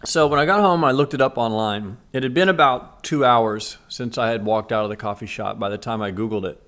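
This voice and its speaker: A man vlogging, earnestly retelling a frightening day to his viewers in a casual, animated way. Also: medium pitch, brisk. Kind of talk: casual storytelling to camera. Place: Los Angeles area.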